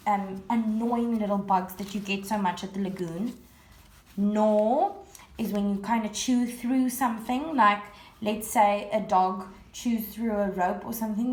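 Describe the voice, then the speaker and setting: A woman's voice: medium pitch, steady tone, unhurried. A woman primary school teacher recording a home-learning lesson, patiently explaining words one at a time and repeating them. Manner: patient, repetitive word-by-word explaining. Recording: roomy echo.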